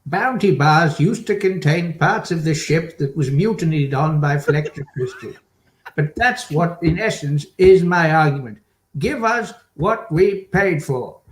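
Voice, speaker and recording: A man playing an indignant complainer with a slow, deadpan, crude delivery on a video call. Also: on the high side, reverberant. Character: indignant man complaining about chocolate bars. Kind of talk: improv comedy character.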